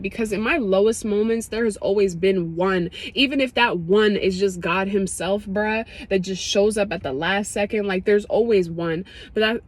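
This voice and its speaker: A young woman telling a personal story in a casual, dramatic, slangy way. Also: mid-range voice. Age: young adult. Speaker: vlogger sharing a testimony.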